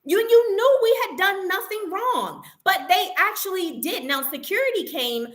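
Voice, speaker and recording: A woman's voice: very high voice, expressive, normal speed, fairly bright tone. A woman vlogger retelling a personal ordeal in an emotional, indignant way, stumbling and restarting as she talks. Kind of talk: personal story vlog.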